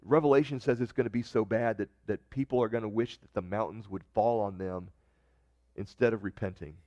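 A man's voice: fairly low pitch, a little mellow, no room sound, highs cut off. A man preaching a sermon in a conversational way, reading scripture and often restarting his sentences. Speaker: pastor.

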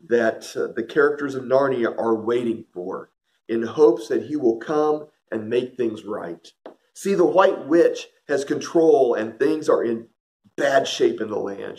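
A middle-aged man talks through a reflective devotional message in an earnest, storytelling manner. His voice sits at an ordinary male pitch as he addresses his listeners directly. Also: a little mellow. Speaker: devotional speaker.

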